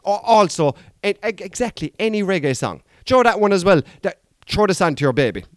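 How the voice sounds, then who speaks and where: An Irish man riffs through a casual comic monologue, rambling and poking fun at himself. His voice sits a touch high for a man. The sound is dry and close to the mic. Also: big pitch swings, brisk, dry recording. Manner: rambling, self-mocking, chatty asides. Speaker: podcast host.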